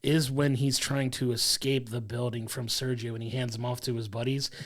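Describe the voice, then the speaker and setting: A man's voice: mid-range voice, flat delivery, normal speed. A man co-hosting a podcast, chatting casually and enthusiastically about a film in long rambling sentences. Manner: enthusiastic, rambling, laughs along. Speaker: podcast co-host. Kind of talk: casual film review chat.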